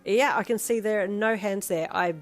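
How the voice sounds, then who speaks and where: A woman's voice: mid-range voice, moderate pace, soft background music. A woman narrating a second-person fanfiction story and chatting to viewers at the end.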